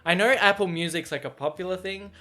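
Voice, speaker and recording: A man's voice: high-pitched, fast, bright, forceful tone. A young man in his twenties with an Australian accent, hosting a casual solo podcast and rambling chattily, laughing between thoughts. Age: 20s. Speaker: podcast host.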